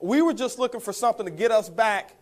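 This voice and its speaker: A man with a high-pitched voice and quick pace gives a motivational talk as a network marketing speaker. He narrates his story for the audience, calling them guys and chuckling along.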